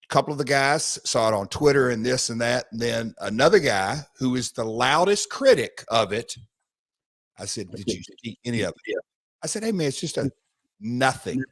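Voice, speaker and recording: A man, co-hosting a podcast, telling animated stories and repeating himself as he goes. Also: medium pitch, moderate pace, dry recording. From United States. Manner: animated storytelling, rambling with restarts. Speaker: podcast co-host, former wrestler. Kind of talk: casual podcast chat.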